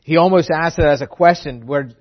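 A man preaching a sermon in an earnest way, often doubling back on his words to press a point. His voice is husky, and it comes through a dull, lo-fi recording. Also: on the high side, fairly quick. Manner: earnest, repeats words for emphasis.

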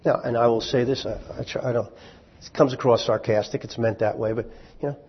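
Wry preacher in an echoing hall. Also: male voice, mid-range voice, fairly even intonation, a little fast, husky. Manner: conversational, wry, with rhetorical questions. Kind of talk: sermon. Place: church hall with congregation. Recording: echoey hall, dull lo-fi sound.

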